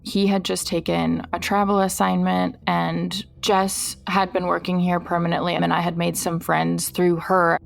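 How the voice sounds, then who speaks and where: A woman from Iowa, a nurse, steadily recounting her own story and flatly reading out text messages. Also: fairly low pitch, unhurried, vocal fry, few pauses. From Iowa, USA. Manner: steady, reads his texts aloud flatly. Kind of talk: personal true-crime testimony.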